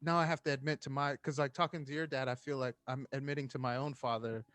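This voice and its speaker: A man's voice: medium pitch, steady tone, fast talker, fairly bright tone, no room sound. A man in his thirties, a firefighter guest, telling a story in casual chat and acting out the voices of the people in it.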